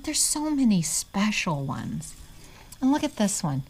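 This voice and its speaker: A middle-aged woman reselling vintage goods, chatting casually to her viewers and often dropping into an excited hushed near-whisper. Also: mid-range voice, takes it slowly, a little hiss or hum. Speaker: vintage reseller showing inventory. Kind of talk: casual vlog chat.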